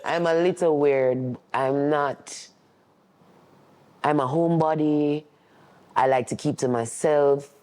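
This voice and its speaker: A man speaks as a sign language interpreter, voicing a deaf guest's words in the first person. His voice is mellow and warm. He talks in an earnest, steady, reflective way, at a medium pitch. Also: takes it slowly, pauses often.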